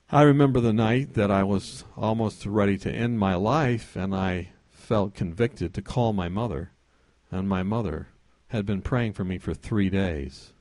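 Male preacher, mid-pitched, dry close sound; dynamic delivery that swings from booming to hushed, with a joking rapport with the congregation. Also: no echo. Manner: dynamic, swings between loud emphasis and hushed intimacy; jokes with the congregation. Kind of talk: sermon.

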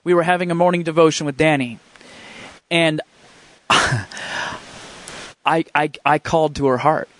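This high-voiced man offers a fervent, emotional personal faith testimony. His storytelling is earnest but halting, full of restarts.

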